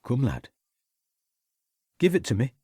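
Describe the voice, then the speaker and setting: A man voicing a steady, reassuring middle-aged countryman in an audiobook. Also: medium pitch, takes it slowly, husky, no echo, studio quality, heavily acted. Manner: calm and reassuring.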